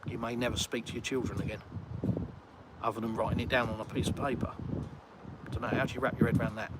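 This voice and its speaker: This middle-aged Englishman speaks fast in a mid-range voice with little pitch movement. He chats casually on a livestream and reads out viewer messages, while loud street and traffic noise fills the recording.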